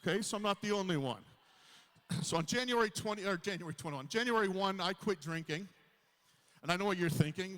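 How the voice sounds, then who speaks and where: Fifties stand-up comic, self-deprecating, slightly high voice, live on a reverberant stage. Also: male voice, expressive, fairly quick, fairly bright tone. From Canada. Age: 50s. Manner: self-deprecating storytelling to a crowd. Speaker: stand-up comedian. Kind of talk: stand-up comedy set. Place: large hall on stage.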